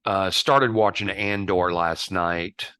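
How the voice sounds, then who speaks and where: A man co-hosting a casual podcast, his low voice carrying a sharp, forceful edge. He rambles and restarts his sentences, often laughing. The sound is dry and close to the mic. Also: smooth, dry recording. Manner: rambling, halting, laughs a lot. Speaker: podcast co-host. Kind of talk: casual chat.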